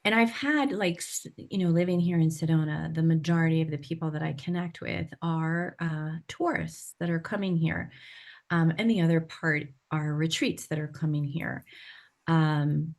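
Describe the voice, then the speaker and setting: A woman sound healer, a guest on a podcast, calmly explaining her work and often checking in with "right?". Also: low-pitched, normal speed. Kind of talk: interview conversation.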